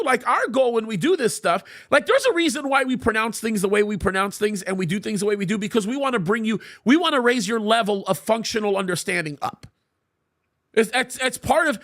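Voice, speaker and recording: A middle-aged man hosts a live talk show, and his voice sits unusually high with a gravelly edge. He speaks emphatically, doubling up words at the start of his sentences as he tells stories and explains his views. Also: a bit bright. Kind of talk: live commentary and storytelling.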